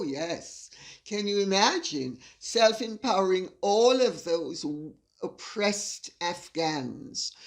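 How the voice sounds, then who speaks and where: An older woman hosting her channel, reading viewer messages aloud and laughing often as she reads. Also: medium pitch. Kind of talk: casual chat.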